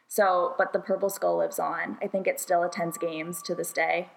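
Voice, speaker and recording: A woman's voice: fairly low pitch, flat delivery, moderate pace, gravelly, slight background noise, poor audio. A young woman in her twenties, a university volleyball player, telling a story on a podcast in a chatty way, with many fillers and frequent laughs.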